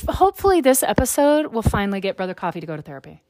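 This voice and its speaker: A woman's voice: mid-range voice, sing-song, racing, darkish tone. A woman in her forties co-hosting a podcast, telling a story in chatty, rambling fashion with lots of "like". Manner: chatty, rambling, heavy use of filler "like". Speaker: podcast co-host.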